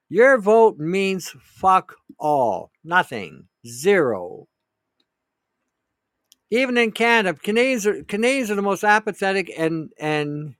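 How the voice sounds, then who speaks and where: With a fairly high, smooth and somewhat bright voice, a male show host gives his blunt take on a listener's question. It's a casual, rambling, opinionated monologue, emphasized with profanity. The sound is clean studio audio without echo.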